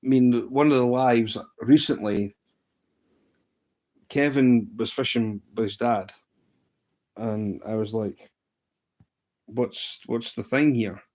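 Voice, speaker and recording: A man hosts a relaxed live chat stream and tells an anecdote with energy. He slips into other people's lines as he recounts what they said, keeping it casual and chatty. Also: mid-range voice, slow, pauses often. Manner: animated anecdote-telling, acting out what others said.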